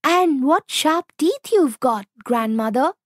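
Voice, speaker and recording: A woman reading a storybook aloud and voicing Little Red Riding Hood, a young girl who sounds high, bright and eager. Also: expressive, slow, no echo, studio quality. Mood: wondering.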